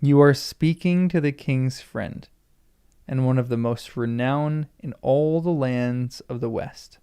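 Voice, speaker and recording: A man's voice: mid-range voice, slow pace, mellow, clean tone, voice pushed down. A man reading aloud as a bold young male hobbit giving stern commands.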